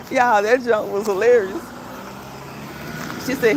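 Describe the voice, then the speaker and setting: A woman vlogging while out on a walk, telling a story in a casual, animated way, laughing often and reading viewer comments aloud. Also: fairly high pitch, a little slow, long pauses, background noise. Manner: reads live chat comments aloud. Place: outdoors on a walk.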